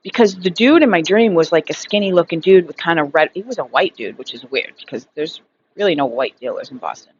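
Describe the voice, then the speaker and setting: Thirtysomething woman vlogging, blunt and sweary, lots of fillers, kinda low voice, slightly muffled recording. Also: animated, fairly quick, a little hiss or hum. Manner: frank, profane, rambling with many fillers. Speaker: recovery vlogger. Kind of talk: casual storytelling monologue.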